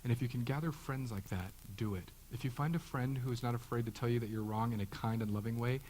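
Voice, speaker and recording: A man's voice: mid-range voice, fast talker, few pauses, a little mellow, a little hiss or hum, poor audio. Joking, conversational man preaching. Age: 30s. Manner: conversational, joking, acts out quoted voices. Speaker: pastor. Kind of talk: sermon.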